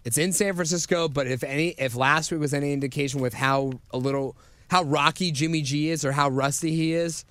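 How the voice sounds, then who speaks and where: A man's voice: a little high, fairly even intonation, brisk, fairly bright tone, no echo. A man co-hosting a sports podcast, chatting in an easygoing way about his picks. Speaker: podcast co-host. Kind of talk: casual sports betting chat.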